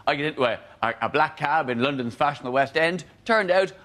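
A man's voice: on the high side, expressive, fast, pushed and bright. A man doing a wry, conversational stand-up routine on a panel show. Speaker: stand-up comedian. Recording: noisy studio recording.

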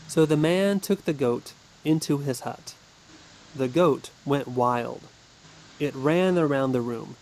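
A man narrating a storybook slowly and clearly for English learners. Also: mid-range voice, a little mellow, slight background noise, low-quality recording. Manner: slow, clear, careful.

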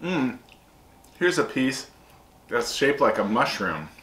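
A man's voice: medium pitch, sing-song, slow, a bit bright. Easygoing man in an echoey room. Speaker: snack review co-host. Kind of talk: casual food review chat. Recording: echoey room with faint hiss.

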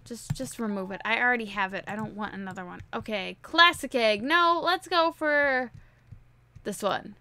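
A gaming video host with a slightly high, sharp-toned voice gives playful, casual let's-play commentary at a normal pace. She chats with her viewers and repeats herself a lot.

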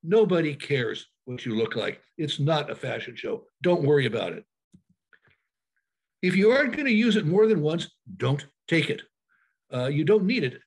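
A man presenting a packing talk in a webinar, speaking over a video call, halting with many fillers and restarts. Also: fairly high pitch, sing-song, slightly rough.

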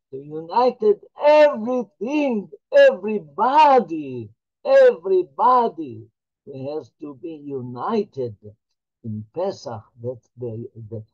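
A man, a rabbi, teaching a holiday Torah class in a halting, earnest way, often repeating his words. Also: mid-range voice, slightly rough, lo-fi sound.

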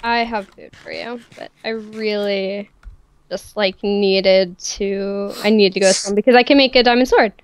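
A woman recording a casual gaming session with friends over a voice call, giggly and quick to protest when teased. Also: mid-range voice, fairly even intonation, smooth. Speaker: gamer recording her own video.

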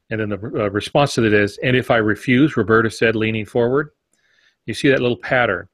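An older man with a lowish voice talks through writing advice in a measured, explanatory podcast manner. The sound is close and dry, with no room around it. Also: a bit bright, dry recording. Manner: measured, explanatory, plain-spoken. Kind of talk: instructive podcast discussion.

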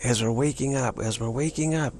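A man's voice: medium pitch, a little fast, darkish tone, a little hiss or hum. A man giving a rambling spiritual talk in a casual, musing way, often repeating himself and stumbling over tongue-twisting phrases. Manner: casual and musing, many fillers. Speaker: spiritual teacher.

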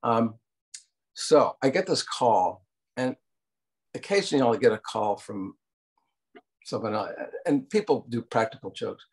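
A man's voice: medium pitch, animated, a little slow, long pauses, slightly rough. Older man telling rambling anecdotes. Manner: rambling anecdotes with fillers and acted-out quotes. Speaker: interview guest, cartoon producer. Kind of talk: casual storytelling interview.

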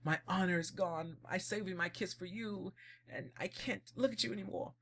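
A man in a casual vlog voicing a proud, hurt young woman in a soft, dismayed way. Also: sits high, normal speed, slight background noise, pitched above the performer's own voice.

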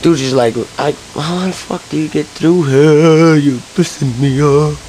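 A man's voice: fairly high pitch, fairly even intonation, a little slow, a little mellow, slight background noise, low-quality recording. A man commenting casually while playing a video game, frustrated and swearing a lot. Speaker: let's-play gamer.

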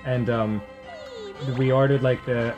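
A man in his thirties, co-hosting a gaming show, casually telling rambling, laughing stories and doing loud voices for the people in them. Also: mid-range voice, steady tone, measured pace, music in the background. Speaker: co-host. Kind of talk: casual storytelling while gaming.

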